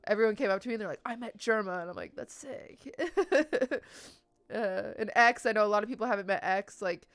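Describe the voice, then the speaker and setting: A woman's voice: mid-range voice, fast, a bit bright, smooth, no echo. A woman live streamer chatting casually to her viewers. She is overwhelmed and teary, sighing and laughing as she thanks them. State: teary and shaky from crying.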